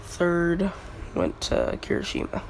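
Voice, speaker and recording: A man with a high, gravelly voice rambles through a casual fan story full of slang and filler words. He speaks slowly, and his pitch swings widely. A faint hum sits behind him. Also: huge pitch swings, poor audio.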